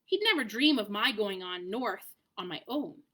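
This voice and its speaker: A woman voicing a proud, brisk adult male talking war horse in a storybook read-aloud, with a commanding, impatient manner. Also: medium pitch. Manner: commanding, impatient, lively emphasis.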